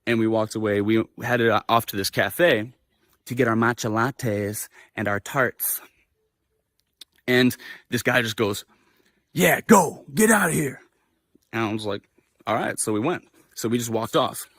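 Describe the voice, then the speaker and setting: A young man hosting a livestream, telling a personal story in a casual, animated way with lots of swearing and fillers. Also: on the low side, unhurried, no echo, studio quality. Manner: animated, profane, filler-heavy. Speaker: livestream host.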